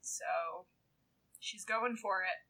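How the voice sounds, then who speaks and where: A woman's voice: on the low side, extremely slow, gravelly, pushed and bright. A woman co-hosting a podcast, giving frank, wry opinions in casual chat. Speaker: podcast co-host.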